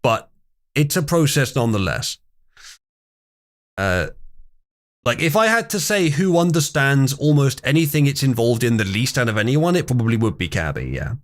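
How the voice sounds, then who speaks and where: Male stream host, young adult, mid-range voice with lively pitch swings, wry and theatrical while reading chat. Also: moderate pace, pauses often. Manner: wry, mock-outraged, reads memes aloud with theatrical emphasis. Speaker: livestream host. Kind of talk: casual live-stream commentary reading chat.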